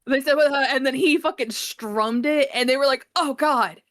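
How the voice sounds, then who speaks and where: An excitable woman retells film scenes on a casual review podcast, jumping high to act out the characters and cursing freely. The recording is dry and close. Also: normal speed, no echo. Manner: excitable, acts out characters with big pitch jumps, swears freely. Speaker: podcast co-host. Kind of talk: casual movie review chat.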